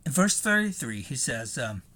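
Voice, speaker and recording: A man's voice: medium pitch, sing-song, moderate pace, pushed and bright. A man preaching a sermon in a conversational way, thinking aloud with fillers and rhetorical questions. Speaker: pastor.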